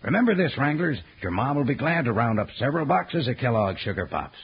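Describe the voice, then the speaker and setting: A gravelly, husky man reading a folksy cowboy-style radio ad with a lively, swinging pitch. He sounds chummy and homespun through the dull, lo-fi tone of an old broadcast. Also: brisk, faint music behind. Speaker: announcer.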